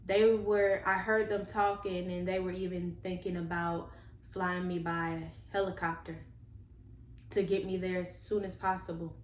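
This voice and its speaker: A woman tells a personal story to her viewers, earnest and animated as she talks to them directly. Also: fairly low pitch, unhurried. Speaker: vlogger telling a personal story. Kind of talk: casual storytime monologue. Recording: echoey room with faint background noise.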